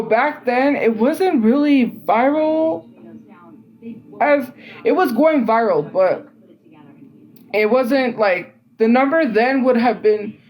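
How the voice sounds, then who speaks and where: A young woman's fairly high-pitched, somewhat mellow voice comes through a rough recording as she tells a story on her livestream. Her delivery is rambling and loaded with fillers, especially "like," with frequent restarts and an exasperated, incredulous tone.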